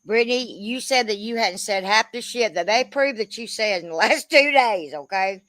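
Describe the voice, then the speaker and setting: Woman, 50s, bright forceful voice, dry close sound, profane rambling commentary. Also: mid-range voice, moderate pace, no echo. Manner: blunt, profane, rambling, says "bro" a lot. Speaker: commentary creator. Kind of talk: casual commentary rant.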